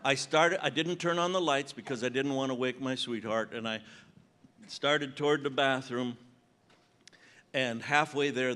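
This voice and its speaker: A man in his seventies does stand-up comedy on a large conference hall stage, bantering conversationally and teasing audience members. His voice is mid-range with a fairly bright tone.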